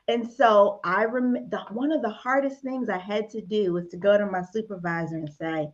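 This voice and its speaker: A woman's voice: medium pitch, normal speed, few pauses, highs cut off. A woman speaking as a guest author, telling a candid personal story of faith and work and laughing often as she goes. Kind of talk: personal testimony at a book event.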